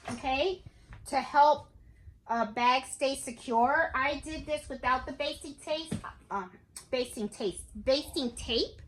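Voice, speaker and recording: High-voiced woman doing a casual craft vlog at home, keeps saying okay?, echoey room. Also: a bit bright. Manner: chatty, talks to viewers, repeats okay. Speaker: crafting channel host. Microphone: camera on a tripod. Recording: echoey room, faint noise.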